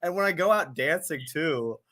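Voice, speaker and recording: A man hosting an interview, with a booming, animated way of talking. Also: moderate pace, a crowd in the background. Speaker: host. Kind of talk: casual conversation.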